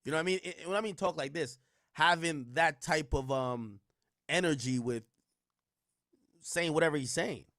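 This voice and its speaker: A man's voice: on the high side, moderate pace, long pauses, a bit bright, dry recording, clean studio sound. A man streaming casual reaction commentary, rambling and slangy with frequent restarts.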